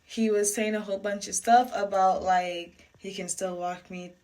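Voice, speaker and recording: A woman's voice: mid-range voice, steady tone, normal speed, darkish tone. Sassy young woman telling a story. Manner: emphatic, sassy, chatty. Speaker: vlogger. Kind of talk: storytime vlog.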